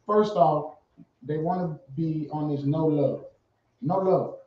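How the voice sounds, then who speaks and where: A guest artist from Fayetteville, born in Savannah, Georgia, chats in a casual interview with a fairly high, slow voice. He's animated and emphatic and swears freely. The audio is dull, with a distant, roomy sound.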